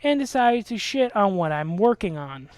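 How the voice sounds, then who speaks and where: A man's voice: high voice, very animated, moderate pace, no echo. Young man, gaming video host, aggrieved profane rant, dry recording. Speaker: Let's Play host. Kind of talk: ranting commentary over gameplay.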